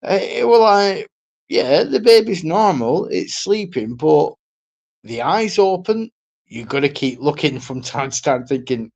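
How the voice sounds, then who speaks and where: A man's voice: fairly high pitch, big pitch swings, measured pace, vocal fry, a little mellow, muffled recording. Guy streaming, rambly and sweary, voice jumps all over, keeps laughing. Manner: swears a lot, laughs between lines, repeats himself. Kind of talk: casual rambling monologue.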